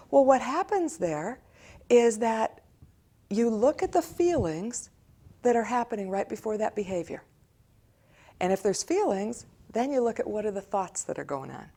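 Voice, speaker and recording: Animated American woman counselor teaching. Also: medium pitch, normal speed. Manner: animated, acts out children and parents in quoted voices. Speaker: church director of community, counselor. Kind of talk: teaching talk to camera.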